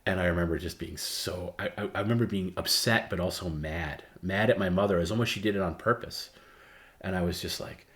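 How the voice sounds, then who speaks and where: A middle-aged man with a very low voice tells a personal story on a livestream. He is candid and meandering, and his sentences often drift off into a soft hush. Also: fairly even intonation, brisk. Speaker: livestream host. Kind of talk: casual storytelling.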